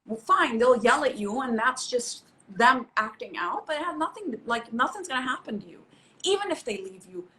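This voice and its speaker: A woman's voice: fairly high pitch, pushed and bright, slight background noise, rough recording. A middle-aged woman, a psychologist, explaining in an emphatic, coaching way, often repeating herself for stress. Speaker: psychologist guest. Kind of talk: expert explaining in conversation.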